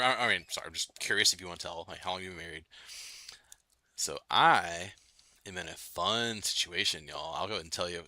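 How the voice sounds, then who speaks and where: A man hosting a late-night gaming livestream, chatting loosely with viewers, full of fillers and quick laughs. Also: low voice, bright, forceful tone, no room sound. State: itchy nose. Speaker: livestream host. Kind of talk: casual gaming livestream chat.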